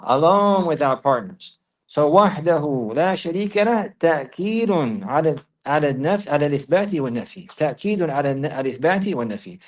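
A man teaching a religious lesson, who recites in Arabic and then explains in English, repeating key phrases for emphasis. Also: fairly high pitch. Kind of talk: Islamic lesson, explaining texts.

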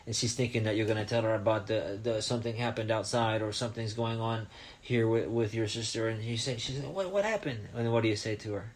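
A gentle man speaks to young children in a soft, unhurried voice, telling a simple story as their teacher. He keeps checking in with small questions like "huh?" to hold their attention. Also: fairly low pitch, flat delivery.

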